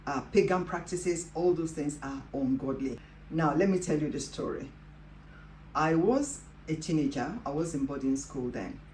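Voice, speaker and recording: An African woman hosting a Christian devotional show earnestly shares a personal testimony, frequently saying "you know." Her voice is low and darkish in tone, heard in an echoey room with faint ambient noise underneath.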